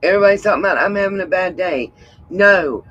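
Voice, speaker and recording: A woman hosting a livestream, hoarse and frustrated, who keeps repeating her points with emphasis. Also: lowish voice, quick pace, fairly bright tone, dull audio. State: hoarse from hollering. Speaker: livestream host. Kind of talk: casual livestream talk.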